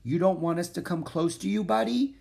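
A man's voice: high-pitched, gravelly, voice pushed up. A man voicing Annie, a cheerful, kind young girl, in a storybook reading. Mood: eager. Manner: bright, kind, quick to comfort.

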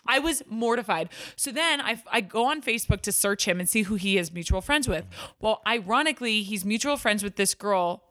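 A young woman tells a story in a relaxed podcast chat. She rambles and uses "like" all the time, and she stays lively as she retells what happened. Her voice is bright and forward, and it is recorded close and dry. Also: mid-range voice, brisk, no echo. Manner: chatty, many "like" fillers, animated retelling. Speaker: guest storyteller.

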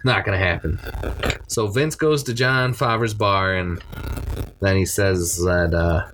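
A man's voice: low voice, takes it slowly, background noise. A man casually retelling a movie's scenes, rambling and swearing as he quotes the characters. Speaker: podcast co-host recapping a movie.

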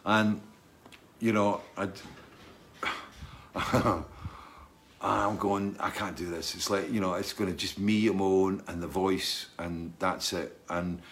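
A middle-aged man, a singer, chatting casually as he answers viewer questions and tells stories in a rambling, halting way. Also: deep voice, level tone, a bit bright, slight background noise. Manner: rambling, halting, full of restarts and asides. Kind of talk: casual chat, storytelling.

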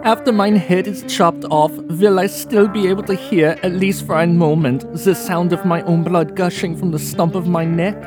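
A man playing a grim male killer who muses on his own death, with a put-on German accent and a slow, relishing delivery. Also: high-pitched, steady tone, natural voice. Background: guitar music.

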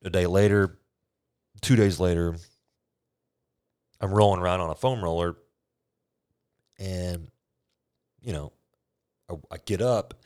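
A man in his twenties casually telling a personal story, animated and acting out the dialogue. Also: low voice, slow pace, long pauses, clean tone, no room sound, studio quality. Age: 20s. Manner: animated, acts out quoted dialogue.

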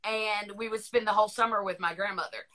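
Middle-aged Southern-accented woman hosting a podcast; bright, chatty, rambling talker. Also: medium pitch, steady tone, fairly quick. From Northern Virginia, USA. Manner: chatty, rambling, laughs often. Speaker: podcast host. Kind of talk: casual chat.

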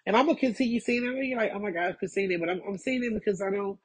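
A woman racing through a casual podcast monologue about her life speaks in a slightly rough, medium-pitched voice while recovering from a cold. She's frank and rambling, circling back to the same points and repeatedly asking "you know what I'm saying."

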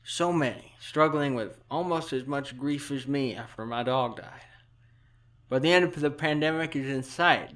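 Guy doing a mushy old president voice, fake southern drawl, rambly deadpan asides. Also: medium pitch, natural voice. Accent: put-on Southern drawl. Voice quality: mushy, as if something in his mouth. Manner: meandering deadpan jokes, trailing asides. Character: rambling elderly male president, folksy and off-color. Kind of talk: satirical speech impression.

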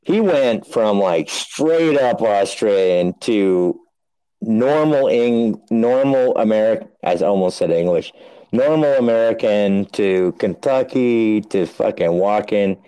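A man's voice: on the low side, expressive, slow pace, dark tone, smooth, low-quality recording. A man hosting a podcast in casual chat, swearing and running himself down. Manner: swearing, self-deprecating. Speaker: podcast host.

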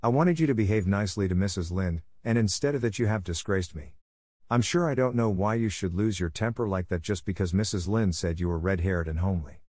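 Storybook guardian, middle-aged woman, severe and dry, read by a man in a low voice. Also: brisk, a little mellow, no room sound. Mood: stern.

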